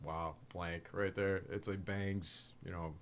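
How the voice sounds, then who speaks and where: A man's voice: low voice, level tone, slow, a bit bright. A man from Michigan hosting a podcast, telling rambling stories with a lot of laughter and swearing. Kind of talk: casual chat.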